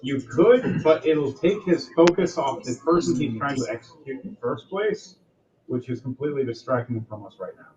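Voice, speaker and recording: A man's voice: mid-range voice, lively intonation, normal speed, darkish tone, a little hiss or hum. A man narrating as game master, with loose, rambling descriptions. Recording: dull lo-fi audio, faint music.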